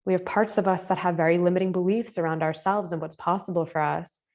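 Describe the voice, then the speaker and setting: A woman teaching a spiritual class live over a video call, with a voice pitched a bit low. She speaks gently and casually and often leans on filler words. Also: fairly even intonation, fast. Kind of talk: live online masterclass.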